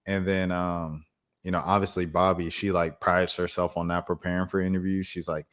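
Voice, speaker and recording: A man hosting a live stream and chatting casually, reacting to news in loose slang and thinking out loud. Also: low voice, little pitch movement, moderate pace. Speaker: streamer host.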